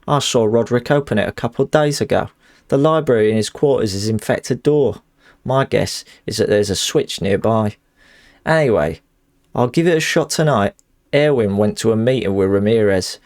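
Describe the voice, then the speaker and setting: A man putting on a Cockney thief, gravelly and theatrical. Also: fairly low pitch, normal speed, a little mellow, close to an everyday voice. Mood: scheming. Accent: put-on Cockney with northern slips. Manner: hammy, theatrical reading aloud. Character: scheming male thief writing to his love.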